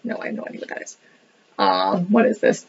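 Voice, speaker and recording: A woman's voice: brisk, faint music behind. A woman giving a casual book review, rambling and thinking aloud as she leafs through the pages. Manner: rambling, thinking aloud, says "what the heck" a lot. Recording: dull lo-fi recording.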